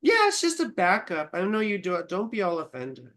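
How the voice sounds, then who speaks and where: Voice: mid-range voice, wildly swooping pitch, fairly quick, a bit bright. A teasing astrologer co-hosting a live stream in casual chat. The speech is loose and profane, with a fondness for calling people sweetheart. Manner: teasing, swears freely, calls people sweetheart. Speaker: astrologer co-host.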